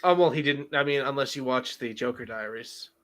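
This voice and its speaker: Guest guy cracking jokes, quick quips in a loose fan chat. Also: mid-range voice, a bit bright. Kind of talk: casual review chat.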